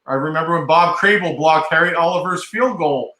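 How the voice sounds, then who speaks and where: A man's voice: a little high, a little fast, sharp tone. Chatty New Jersey man in an echoey room. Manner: chatty, storytelling, fatherly. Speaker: podcast guest. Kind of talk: casual interview chat.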